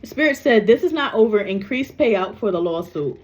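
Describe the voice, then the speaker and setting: A woman's voice: mid-range voice, animated, normal speed. A woman, a psychic medium, talking casually to camera in a blunt, repetitive way and cursing freely. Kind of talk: casual spoken reading to camera. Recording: dull lo-fi recording.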